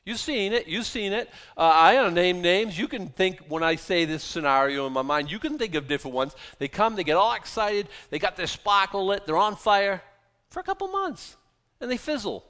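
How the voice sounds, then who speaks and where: Guy preaching a sermon, kinda high voice, really lively ups and downs, repeats stuff for emphasis. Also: normal speed. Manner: animated, emphatic repetition. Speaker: pastor.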